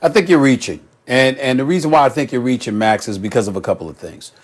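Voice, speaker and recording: A man's voice: medium pitch, fast. A man arguing emphatically in a studio sports debate, pressing rhetorical questions.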